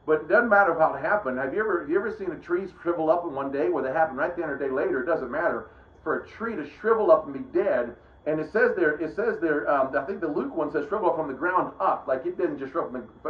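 Middle-aged guy preaching off the cuff, kinda high voice, rambles and restarts, roomy dull recording. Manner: rambling, conversational, self-interrupting. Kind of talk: casual Bible teaching.

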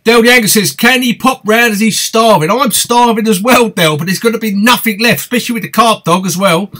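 Man, East London accent, high voice, chatty and upbeat, live stream host reading comments. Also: fairly quick, bright, forceful tone. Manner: chatty and upbeat, greets viewers by name. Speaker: fishing channel host.

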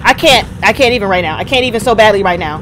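A woman's voice: medium pitch, lively intonation, fast, background noise. A woman hosting a reaction video, talking back to a TV drama in emotional, swear-laden outbursts. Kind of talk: live reaction commentary. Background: drama soundtrack playing faintly.

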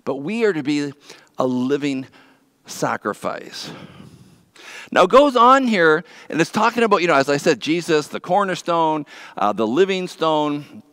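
Man, pastor, conversational sermon, high-pitched, dry close sound. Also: animated, a little slow, no room sound. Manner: conversational preaching, drops low and soft on key words. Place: church.

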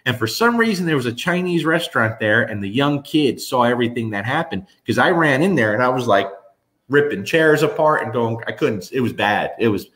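Here the middle-aged host from New Jersey has a mid-range voice and a brisk pace. He's an animated storyteller in a laid-back conversation with viewers, wandering off and restarting as he goes.

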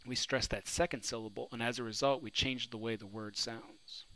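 A man's voice: mid-range voice, steady tone, normal speed, fairly bright tone, low-quality recording. A man teaching a recorded lesson on poetry, asking his students questions and answering them himself. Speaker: literature teacher. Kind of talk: recorded lecture. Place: New Orleans.

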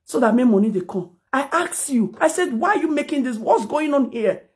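A woman's voice: sits high, animated, fairly quick. Fiery Nigerian woman ranting. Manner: heated and accusing, slipping into pidgin, rising to shouts. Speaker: social media commentator. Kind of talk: angry livestream rant.

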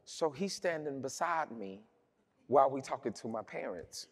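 A man delivers a sermon built around a personal story. He talks in a loose, chatty way and often stops to restart a sentence. His speaking voice sits at an ordinary male pitch. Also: animated, normal speed. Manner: conversational, humorous storytelling with many restarts. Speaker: preacher.

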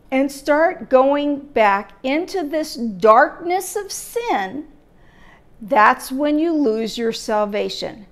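A woman teaching a church Bible lesson, emphatic and steady, asking her listeners rhetorical questions. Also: high-pitched, vocal fry.

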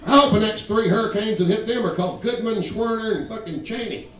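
A stand-up comedian with a Georgia accent, talking brash and profane and mimicking regional accents. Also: male voice, high voice, a little fast, noisy background. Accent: Southern US, Georgia. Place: comedy club stage. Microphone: stage microphone. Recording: roomy live club recording from a distance. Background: audience laughter.

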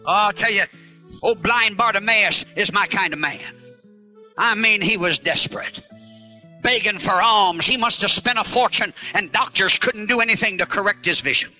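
A male preacher giving a fiery revival sermon, telling a story and shouting out to the crowd. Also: high voice, moderate pace, soft background music, low-quality recording.

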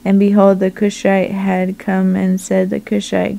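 Woman, scripture reading, very flat pitch, slow, mellow tone. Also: vocal fry, rough recording. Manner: slow, deliberate, monotone reading.

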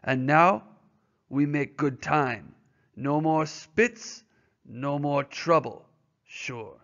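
A man's voice: fairly high pitch, a bit bright, exaggerated voice. A man doing a hearty French-Canadian dog driver. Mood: pleased. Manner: hearty, emphatic, drawn-out accented speech. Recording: dull lo-fi recording.

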